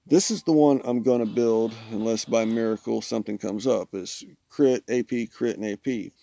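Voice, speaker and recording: With a warm, creaky, medium-pitched voice at a normal speed, a man livestreams a mobile game. He wanders through his setup in jokey, rambling commentary, addressing both his chat and the friends on his voice call.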